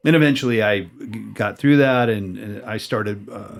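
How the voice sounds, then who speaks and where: A man's voice: on the low side, moderate pace. An American man hosting a casual interview, talking in a loose, rambling way with many restarts and the odd curse word. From United States. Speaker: podcast host. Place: tattoo shop area in San Diego.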